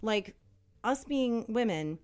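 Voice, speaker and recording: A woman's voice: on the high side, lively intonation, slow pace, darkish tone, clear, resonant tone. A woman co-hosting a podcast in casual chat, telling stories and acting out the people she quotes. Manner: chatty storyteller, acts out quoted voices. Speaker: podcast co-host.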